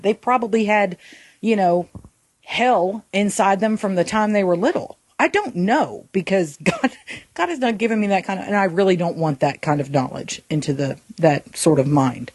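A woman co-hosting a faith podcast, talking earnestly and haltingly, often restarting her sentences. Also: mid-range voice, a little mellow, no room sound. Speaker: podcast co-host. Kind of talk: reflective faith podcast talk.

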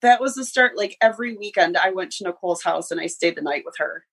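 A woman with a husky, slightly breathy voice tells a bar story on a podcast. She is blunt and lively, and she swears freely as she talks. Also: lowish voice, quick pace. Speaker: podcast co-host. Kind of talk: casual storytelling.

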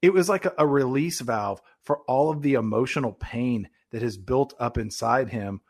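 A man's voice: medium pitch, normal speed, husky. A man co-hosting a casual film review chat, joking and laughing often as he talks. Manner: jokey, laughs often while talking. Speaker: podcast co-host reviewing a film.

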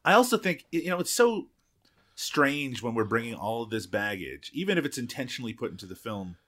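A man's voice: mid-range voice, fairly quick. Easygoing man discussing films. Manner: relaxed, laughs easily, hedges with "you know". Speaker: podcast co-host. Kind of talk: casual film review chat.

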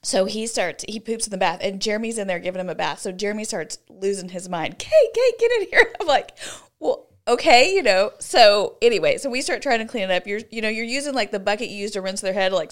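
Chatty woman co-hosting a podcast. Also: mid-range voice. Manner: chatty, laughs through stories. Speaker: podcast co-host. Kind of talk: casual podcast chat.

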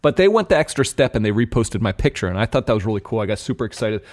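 A man's voice: on the low side, big pitch swings, rapid-fire. A young adult man hosting a beer podcast, chatting casually and candidly about a beer's taste, rambling and swearing now and then. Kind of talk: casual tasting chat.

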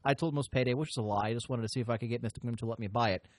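A man's voice: medium pitch, rapid-fire, dry recording. A man hosting a podcast, telling a long story in a rambling, profane way and often interrupting himself. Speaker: podcast host. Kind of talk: casual storytelling chat.

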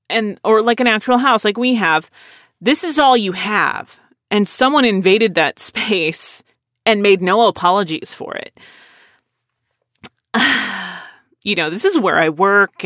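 A woman casually telling a story in a blunt, sardonic, animated way. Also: medium pitch, dry recording, clean studio sound.

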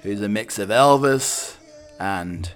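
A man's voice: fairly low pitch, slow pace, soft background music. A Scottish man hosting a podcast, rambling through a jokey, musing comic monologue. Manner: jokey, musing, drifts between tangents. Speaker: podcast host.

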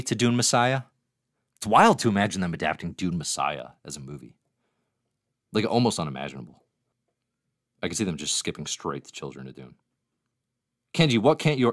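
A man's voice: fairly low pitch, no echo, clean studio sound. A man hosting a casual comics review livestream, chatty and reading viewer comments aloud. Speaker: livestream host.

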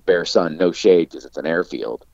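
A man's voice: sits low, normal speed, creaky, no echo. A man, an actor guest on a podcast, telling a long anecdote casually and animatedly, full of "like" fillers. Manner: animated storyteller, heavy use of "like" fillers. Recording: dull lo-fi dry sound.

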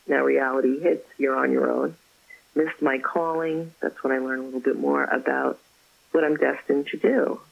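A woman, an author, chatting as an interview guest and telling stories about her faith with effusive warmth. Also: a bass voice, steady tone, normal speed, creaky, slightly rough, dull audio. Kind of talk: casual interview chat.

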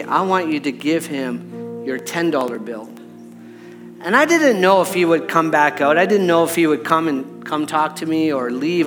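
A middle-aged man preaching as a pastor, telling a personal story in a conversational way and checking in with the audience. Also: fairly high pitch. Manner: conversational, repeats "right?" to the audience.

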